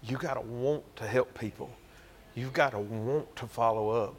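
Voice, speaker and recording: A man with a Georgia Southern accent preaches a sermon in church as a pastor, telling a story in a folksy, emphatic way. His voice sits at medium pitch and moves at a normal speed.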